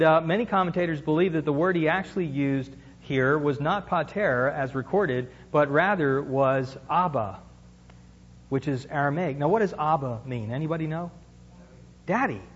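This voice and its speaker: A man preaches a sermon with a somewhat high, husky voice. He talks to his congregation conversationally and builds to emphatic peaks. The sound is dull and lo-fi, with a long reverb from the church. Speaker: pastor.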